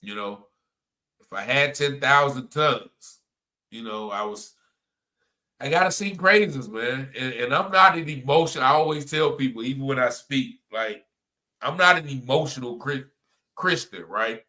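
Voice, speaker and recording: Bright-voiced man testifying. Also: medium pitch, animated, unhurried. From North Carolina. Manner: conversational, repeats phrases, many "you know" and "man" fillers. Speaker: person giving a testimony. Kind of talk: spoken religious testimony.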